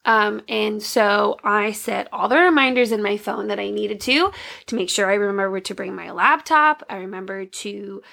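A woman's voice: medium pitch, moderate pace, gravelly, bright, forceful tone. A young woman co-hosting a podcast, telling stories in a chatty, laughing way. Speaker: podcast co-host. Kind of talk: casual chat.

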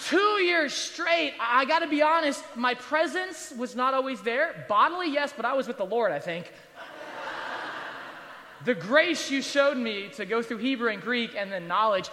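A man's voice: very high-pitched, expressive, normal speed, sharp tone, big-room sound, slight background noise. A man in his thirties, a pastor giving a chapel sermon to students in a conversational, joking way with rhetorical asides. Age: 30s. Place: large university chapel, standing at the altar.

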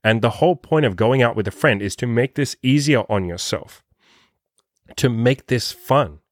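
A man giving dating advice as a podcast host, talking casually and swearing a lot, acting out quoted lines in a higher voice. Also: normal speed, dry recording, clean studio sound. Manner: profane, animated, acts out his own quotes in a higher voice. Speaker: dating coach.

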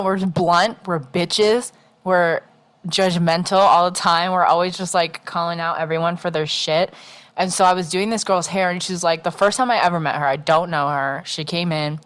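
A woman's voice: fairly low pitch, clear, resonant tone. A young woman co-hosting a podcast in casual chat, blunt and sweary, laughing often and acting out what others said. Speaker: podcast co-host.

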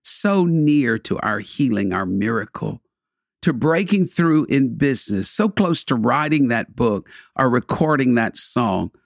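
A man delivering a devotional sermon, preaching in rhythmic, building repetitions with dramatic pauses. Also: mid-range voice, lively intonation, gravelly, no echo, studio quality.

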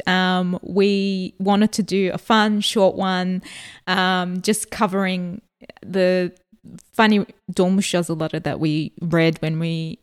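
An easygoing woman co-hosts a podcast in casual chat. She talks slowly, with a slightly low voice. She pauses often on fillers as she finds her words. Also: clear, resonant tone. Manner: easygoing, hesitant with many fillers. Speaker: podcast co-host.

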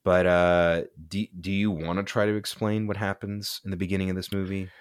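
Young male podcast co-host, low pitch, dry mic, rambling casual delivery. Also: level tone, fairly quick, smooth, dry recording. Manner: laid-back, tangent-prone, says "dude" and "like" often. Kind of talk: casual movie-review chat.

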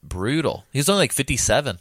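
A man co-hosting a casual podcast, recapping a film in an animated way, swearing freely and acting out quotes. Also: mid-range voice, fast talker, dry recording. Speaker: podcast co-host. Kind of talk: casual movie recap chat.

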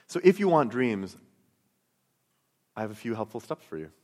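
This is a middle-aged Christian speaker whose medium-pitched, darkish voice is very animated at a moderate pace. Earnest and storytelling, he recounts his personal faith testimony and teaching, often repeating words, with long hall reverb around him.

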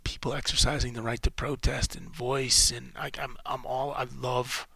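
Male podcast host, gravelly and husky, shaken and close to tears, rambling and profane. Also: medium pitch, level tone, bright, forceful tone, no room sound. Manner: rambling, profane, halting restarts. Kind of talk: solo podcast monologue.

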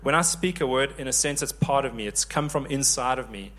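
A man in his thirties preaching a sermon, lively and joking with the congregation. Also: medium pitch, a little fast. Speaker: pastor.

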